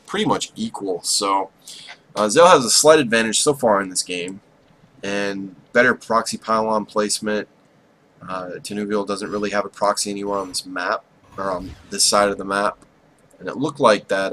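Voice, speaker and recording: A man giving casual, self-deprecating play-by-play commentary on a strategy game, with bursts of excitement when the fighting heats up. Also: on the low side, slight background noise, low-quality recording. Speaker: esports caster.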